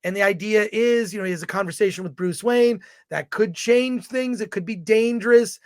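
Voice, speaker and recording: A man's voice: sits high, moderate pace, no room sound, studio quality. A man co-hosting a casual film review chat, opinionated and blunt, rambling through his thoughts.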